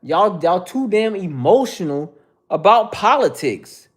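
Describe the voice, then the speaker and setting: A man on a casual livestream talks back to his chat in a mocking, profane, confrontational way. His voice sits high and swings widely in pitch as he jeers at commenters. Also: sing-song, unhurried, breathy edge. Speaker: host answering viewer chat.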